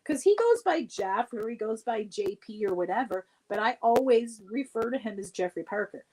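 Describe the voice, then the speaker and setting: Woman guest, casual livestream storyteller, laughs often, animated. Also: fairly high pitch, normal speed, low-quality recording.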